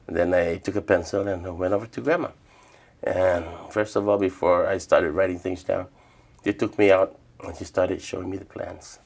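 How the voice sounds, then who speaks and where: An older man from Guam, telling stories of his past in a relaxed, reflective interview. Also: low voice, vocal fry, slight background noise. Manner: relaxed, reflective storytelling with quoted dialogue. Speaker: interviewee, traditional healer. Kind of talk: casual storytelling interview.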